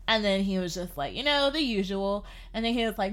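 A woman telling a personal story in casual podcast chat, animated and filling her talk with "like". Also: medium pitch, fairly quick. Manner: animated, lots of "like". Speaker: podcast guest.

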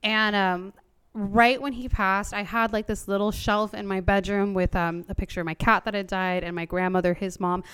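Lady running a paranormal chat group, super smooth clear voice, animated, cusses a lot. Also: medium pitch, moderate pace. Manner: animated, swearing and laughing freely. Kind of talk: casual storytelling to a group. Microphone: handheld microphone.

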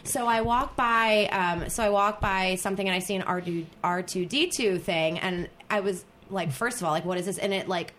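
A woman on a podcast telling a long, animated story in casual chat, rambling with fillers and restarts. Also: medium pitch, normal speed, few pauses, slight background noise.

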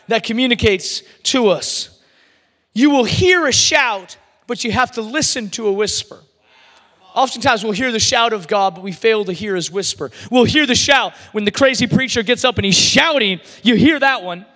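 A man preaching a sermon as pastor, swinging from shouts down to near-whispers. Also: high voice, lively intonation, moderate pace. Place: church service. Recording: long reverb of a large hall.

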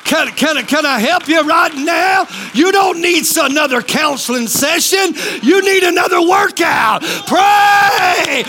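A man's voice: very high-pitched, pushed and bright, a little hiss or hum. A man preaching a charismatic sermon as pastor, hollering short repeated commands and calling on the congregation to respond.

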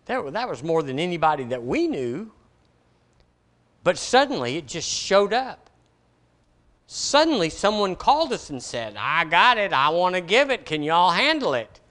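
A man preaching a sermon in a bright, forceful voice pitched a little high. He swings between ringing declarations and hushed, quiet asides. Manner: emphatic preaching, rising and dropping to soft asides. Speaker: pastor.

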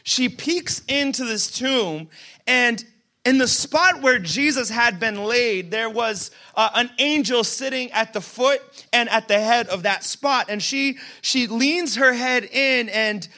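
A man's voice: extremely high pitch, slow, sharp tone. A young man preaching a casual, conversational sermon, often laughing and asking the congregation questions. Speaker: pastor.

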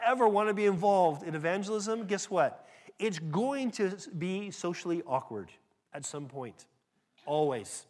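A man with an American accent preaching a sermon in a lively, conversational way, often restarting sentences and acting out little exchanges. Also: high voice. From California. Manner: animated, conversational preaching with restarts and acted asides. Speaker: pastor.

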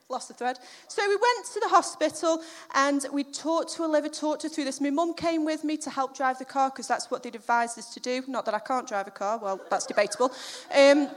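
A middle-aged woman giving a chatty, self-deprecating sermon built around a personal story, acting out the quotes. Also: high-pitched. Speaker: preacher.

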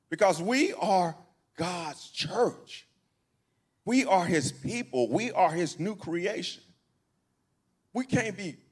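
A pastor preaching a sermon in a church, talking to his congregation in a folksy, conversational way, asking them questions and repeating phrases. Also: high voice. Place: church sanctuary.

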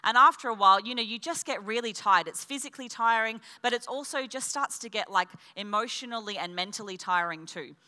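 A woman's voice: a little high, a little fast, few pauses, pushed and bright. A young woman giving a candid testimony at a church service, telling her story and quoting her own thoughts. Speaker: church speaker sharing testimony. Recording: long hall reverb.

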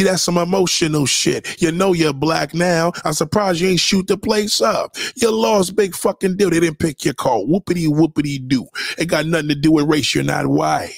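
Guy going off in a profane rant, gravelly voice, kinda high. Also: no echo, clean studio sound. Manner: profane, confrontational, preachy. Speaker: commentator reacting to a clip. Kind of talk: heated reaction rant.

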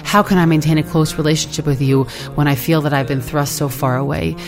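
A woman hosting a podcast, speaking in an earnest, reflective way, often pausing with "uh.". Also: low-pitched, fairly even intonation, faint music behind. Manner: earnest, hesitant with frequent "uh"s. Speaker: podcast host. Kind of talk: reflective talk.

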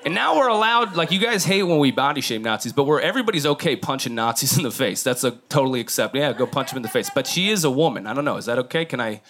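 A man's voice: medium pitch, animated, fast talker, hardly any pauses, a bit bright. A man finishing a stand-up set at a comedy club, brash and crude, recorded live.

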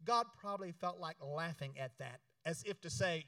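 A man preaching a sermon, urging the congregation to repeat after him and switching between loud exhortation and quiet storytelling. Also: fairly high pitch, moderate pace, no echo, recorded from a distance, poor audio. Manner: emphatic, call-and-response preaching. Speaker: pastor.

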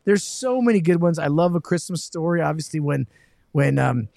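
A man hosting a podcast, telling stories in a lively, self-mocking way. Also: fairly high pitch, normal speed, vocal fry, no room sound, studio quality. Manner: animated, self-mocking storyteller. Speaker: podcast host. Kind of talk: casual chat.

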